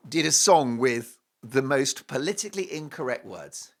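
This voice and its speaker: A man hosting a talk show, delivering a jokey, animated monologue. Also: medium pitch, moderate pace. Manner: animated, jokey, breaks into singing. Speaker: host.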